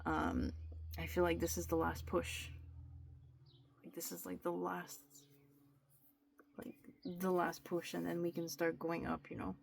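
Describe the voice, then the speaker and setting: Low-voiced woman rambling to camera. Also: little pitch movement, measured pace, gravelly, pauses often, slight background noise. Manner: rambling, confessional, many restarts and fillers. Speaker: vlogger. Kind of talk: candid talking-to-camera vlog. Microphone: camera mic.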